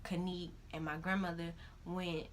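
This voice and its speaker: A young woman telling a personal story in a casual vlog, animated, acting out the voices of others. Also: moderate pace. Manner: animated, acts out her own crying in high-pitched quotes. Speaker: vlogger. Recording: faint background noise.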